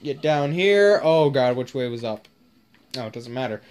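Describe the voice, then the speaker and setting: A woman's voice: extremely low pitch, normal speed, a little mellow, soft background music. A woman giving casual, sweary commentary while playing a zombie game. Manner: casual, swears often, drawls. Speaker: gamer. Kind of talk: gaming commentary.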